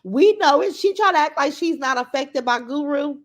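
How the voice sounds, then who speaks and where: A woman's voice: high voice, expressive, normal speed. A middle-aged woman livestreaming, talking in a blunt, profane, mocking way with emphatic repetition. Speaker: live streamer. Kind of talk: unscripted livestream rant.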